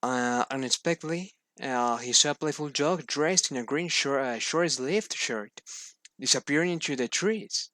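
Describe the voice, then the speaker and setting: A man's voice: medium pitch, normal speed, sharp tone, dry recording. A student, a man, reading a children's storybook aloud for class, hesitant, with many fillers and restarts.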